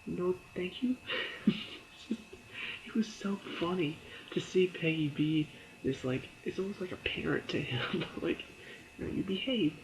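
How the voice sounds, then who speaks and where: A man's voice: a little high, a little hiss or hum, low-quality recording. A man casually reviewing a TV episode in a chatty way, with lots of fillers, breaking into laughs and acting out characters' lines as he retells scenes. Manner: briefly acts out characters' lines in quotes.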